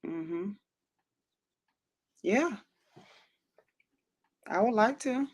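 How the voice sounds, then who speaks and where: A woman hosting a casual livestream chat, excitable and laughing often as she reads out viewer comments. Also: mid-range voice, drawn-out words, slight background noise. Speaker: livestream host.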